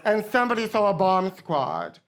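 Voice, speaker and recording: A middle-aged man hosting a comedy show, telling campy, gossipy stories to a live audience with deadpan punchlines. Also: sits high, normal speed. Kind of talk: comic storytelling to a live audience.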